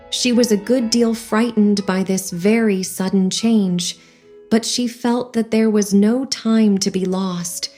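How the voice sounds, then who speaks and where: A woman narrating an audiobook in a measured storytelling manner. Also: medium pitch, mellow. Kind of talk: scripted narration.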